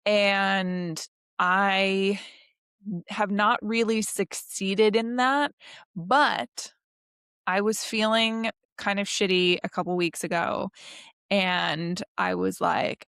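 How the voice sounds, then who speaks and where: A woman's voice: medium pitch, fairly even intonation, takes it slowly, creaky, a bit bright, clear, resonant tone, no echo, studio quality. A woman co-hosting a podcast in casual chat, chatty and giggly, with hesitant fillers. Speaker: podcast co-host.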